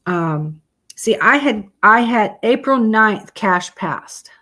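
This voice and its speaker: A woman hosts a casual live stream. She talks bluntly and swears freely. She chats directly with her viewers in a mid-pitched voice. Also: expressive, slow pace, sharp tone. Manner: blunt, profane, chatty with viewers.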